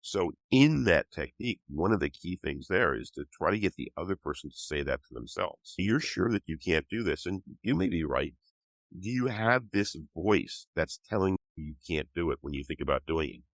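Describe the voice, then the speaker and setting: Appearing as a guest author in an interview, an older man who has a cold lays out his ideas patiently, like a teacher. His deep voice is animated and moves at normal speed, with no echo in the recording.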